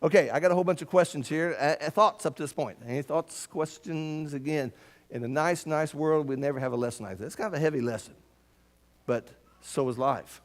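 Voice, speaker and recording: A man with a slightly higher than usual voice teaches a church Bible class. He speaks earnestly and with emphasis. He often trips into repeated words as he starts a sentence over. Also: a little fast.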